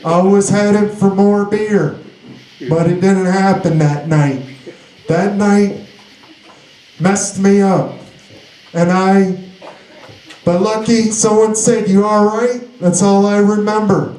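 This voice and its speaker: A young man telling his own recovery story in a halting, plainspoken way, often restarting his sentences. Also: high voice, steady tone, a little mellow, echoey room, rough recording.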